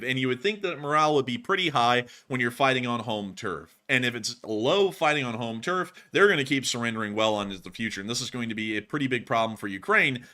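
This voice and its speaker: Bright, forceful male live-stream host. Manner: raised on-air voice pushed higher for excitement; emphatic, repeats stock thank-yous. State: recovering from vocal cord strain. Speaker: livestream war news host. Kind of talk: live-stream chat answering viewer questions.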